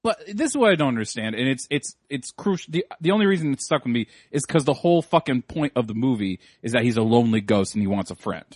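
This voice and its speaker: A man's voice: medium pitch, lively intonation, quick pace, hardly any pauses, a little mellow, husky. A man co-hosting a movie podcast, ranting emphatically and swearing freely. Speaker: podcast co-host. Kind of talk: casual podcast rant.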